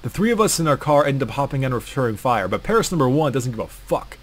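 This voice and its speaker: A man's voice: mid-range voice, very animated, quick pace. A man narrating a comedic story about an online game, crude, profane and sarcastic.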